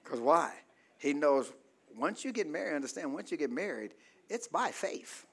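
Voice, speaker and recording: Male preacher, bright, forceful tone, call-and-response delivery, shouted peaks then hushed asides. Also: big pitch swings, normal speed, husky. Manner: call-and-response preaching, asks congregation for amens; swings between loud shouted peaks and soft low asides. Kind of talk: sermon.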